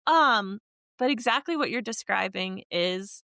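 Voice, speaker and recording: A woman's voice: mid-range voice, lively intonation, measured pace, dry recording, clean studio sound. A woman hosting a podcast, agreeing readily and laughing along with her guest. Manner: warmly agreeing, laughs often. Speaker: podcast host. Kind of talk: casual interview chat.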